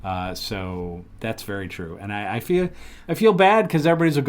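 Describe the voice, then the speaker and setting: Animated man co-hosting a podcast. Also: fairly low pitch, brisk. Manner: animated, swears freely, goofy mock accents. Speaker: podcast co-host. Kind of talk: casual chat.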